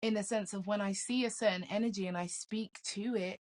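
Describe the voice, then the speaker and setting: A middle-aged woman, a life coach, talking as a guest in a casual interview. She tells stories in a lively way, laughs often and repeats words as she starts sentences. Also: mid-range voice, brisk.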